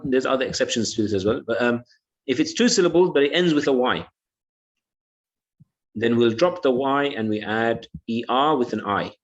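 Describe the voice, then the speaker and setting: Male English teacher, patient and repetitive, mid-pitched, dull online-class audio. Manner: patient, repeats words and says "yeah" often.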